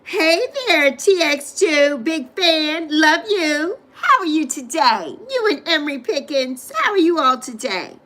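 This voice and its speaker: Middle-aged woman chatting on her livestream, high voice that swoops around, slow and bright. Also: big pitch swings. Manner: greets viewers by name, repeats phrases, gushing and affectionate. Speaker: livestream host. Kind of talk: casual livestream chat with viewers.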